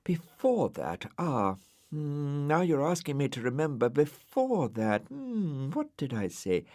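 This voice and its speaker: A man voicing a nervous, silly male snail with a high, quavery, fussy voice. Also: expressive, measured pace, a little mellow. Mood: nervous chirpy.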